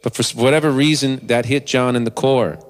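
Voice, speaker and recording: A man performing live, telling a comic story between songs in an animated, self-deprecating way into a stage microphone. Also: mid-range voice, brisk. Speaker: comedic musician performing live. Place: live venue with audience.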